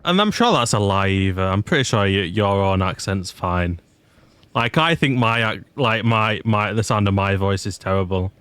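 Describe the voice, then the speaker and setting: A man's voice: fairly low pitch, animated, moderate pace, a bit bright, clean tone, no room sound. A young man giving chatty, rambling, self-deprecating commentary while he streams a game. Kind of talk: casual gameplay commentary.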